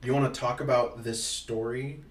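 Dad chatting on a podcast, rambly and jokey, sits back from the mic, roomy echo, faint hiss. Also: male voice, medium pitch, little pitch movement, moderate pace. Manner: rambling and playful, with frequent ums and restarts. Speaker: podcast co-host and father. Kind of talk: casual chat. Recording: echoey room, distant from the mic, faint noise.

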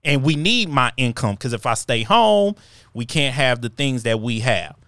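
A man's voice: mid-range voice, very animated, normal speed, fairly bright tone, clean tone, no room sound, studio quality. A man hosting a podcast, easygoing and laughing along as he asks long, winding questions. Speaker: podcast host. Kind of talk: podcast interviewing.

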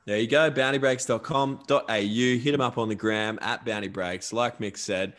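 A man's voice: medium pitch, fairly even intonation, moderate pace, a bit bright. A man co-hosting a casual sports podcast, chatty and upbeat, reading sponsor plugs. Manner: upbeat, chatty, repeats catchphrases. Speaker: podcast co-host.

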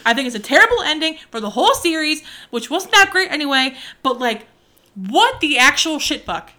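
Animated, bright-voiced young woman ranting. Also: high voice, a little fast. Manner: animated, laughing, ranting with mock outrage. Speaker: podcast co-host. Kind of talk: casual chat about books.

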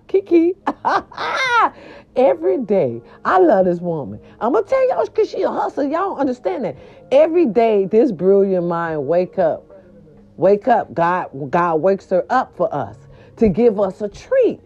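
A woman vlogger chatting casually about celebrity gossip, animated and profane, her voice swooping up high for emphasis. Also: breathy edge, muffled recording.

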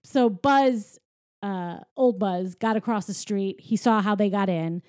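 A woman in her thirties casually recapping a movie plot, jumping into quick character voices as she retells scenes. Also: medium pitch, no room sound, clean studio sound. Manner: animated, acts out characters' lines in quick voices.

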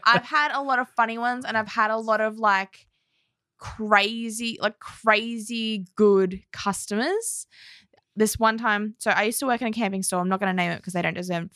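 A woman co-hosting a chatty podcast, telling workplace stories with a lot of animation and laughter. Her voice sits at a middle pitch and is recorded close and dry, with no room sound around it. She leans into her retold quotes. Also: fairly even intonation, moderate pace, sharp tone, dry recording. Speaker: podcast co-host. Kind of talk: casual chat, storytelling.

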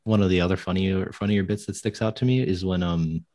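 A man's voice: low voice, fairly even intonation, brisk, dark tone, no echo. A man in a casual movie discussion, hesitant and searching for words, with many fillers.

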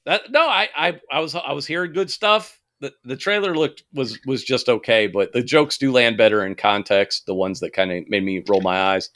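A man's voice: medium pitch, moderate pace, few pauses, fairly bright tone. A man co-hosting a podcast, chatting casually and animatedly about movies, swearing and laughing often, with many fillers and restarts. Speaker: podcast co-host.

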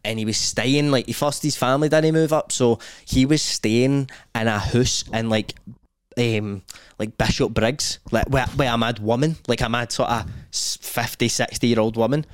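A young man with a Glaswegian accent telling a funny story on a casual podcast, swearing freely and acting out other people's lines in quick voices. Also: medium pitch, clear, resonant tone, no room sound, clean studio sound. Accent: Scottish, Glaswegian. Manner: animated, acts out other people's voices in quotes. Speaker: podcast host.

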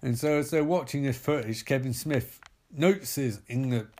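A man's voice: medium pitch, normal speed, a little mellow. A man telling a rambling, profane comic story with many asides.

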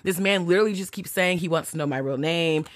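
A fast-talking woman with a lowish voice hosts a podcast, casually telling a story in a chatty, lively way. She reads text messages aloud and swears freely. The recording is dry and studio quality.

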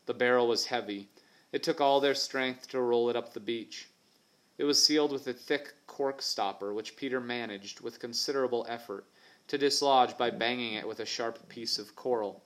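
A man narrating an adventure novel for an audiobook in a steady, even storytelling manner. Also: medium pitch, moderate pace. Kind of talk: scripted narration.

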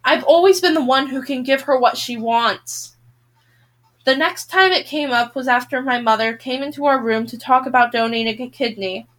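A woman's voice: high-pitched, moderate pace, a bit bright. A woman reading a novel aloud, earnest, with occasional self-corrections.

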